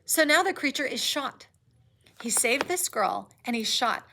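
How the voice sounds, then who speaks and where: A woman's voice: sits high, lively intonation, a little slow, vocal fry, pushed and bright, a little hiss or hum. A woman teacher recapping a novel chapter, reading passages aloud and adding conversational asides to the listener.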